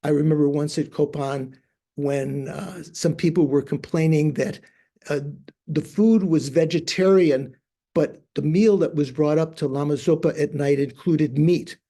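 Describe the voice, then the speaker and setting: Hesitant older monk, mellow voice. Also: male voice, on the high side, fairly even intonation, a little slow. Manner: hesitant, searching for words with many fillers. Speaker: Buddhist monk teacher. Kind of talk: anecdotal teaching talk.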